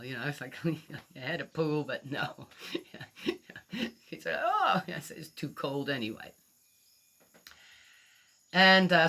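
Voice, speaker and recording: A woman's voice: fairly low pitch, sharp tone. A middle-aged woman telling a personal story in a rambling, chatty way, full of fillers and acted-out quotes. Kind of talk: casual spoken storytelling.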